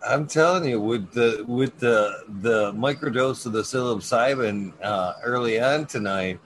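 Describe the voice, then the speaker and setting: A man's voice: mid-range voice, unhurried, a bit bright, slight background noise. A man chatting casually on a stream, laid-back and rambling, swearing often.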